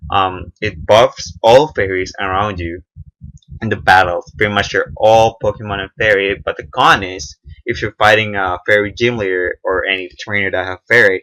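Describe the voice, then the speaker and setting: A young man giving casual, unscripted commentary on a game trailer, halting often with fillers and restarts. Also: on the low side, sharp tone. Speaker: gaming video reviewer.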